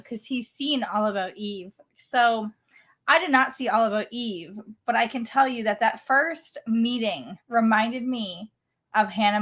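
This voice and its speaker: A young adult woman co-hosting a podcast in relaxed, conversational casual chat. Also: medium pitch. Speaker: podcast co-host.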